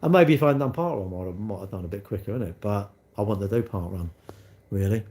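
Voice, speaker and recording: Chatty bloke rambling. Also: male voice, on the low side, fast talker, a little mellow, slight background noise. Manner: rambling, chatty, cheeky banter with lots of "mate". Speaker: livestream host. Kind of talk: casual chat answering live comments.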